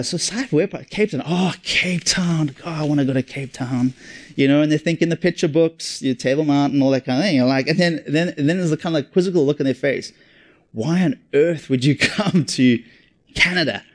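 A man's voice: fairly high pitch, a little mellow. A man with a South African accent preaching a sermon in an earnest, conversational way, often repeating and restarting his phrases. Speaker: pastor.

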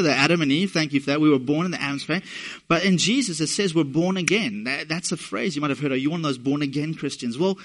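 A middle-aged man from England preaching a sermon, talking conversationally with asides to the congregation. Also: on the high side. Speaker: pastor.

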